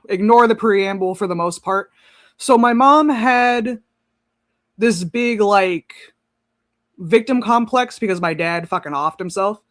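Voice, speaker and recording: A man's voice: sits high, a bit bright, dry recording, studio quality. A young man in casual chat on a live stream, blunt and candid with heavy swearing.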